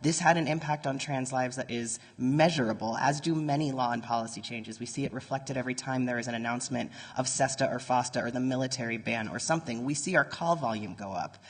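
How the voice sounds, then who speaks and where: A man speaks at a mid pitch to a live audience in a conference hall, his voice trailing a long reverb off the walls. His delivery is conversational and earnest, and he throws quick nerdy asides to the crowd. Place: conference room before an audience.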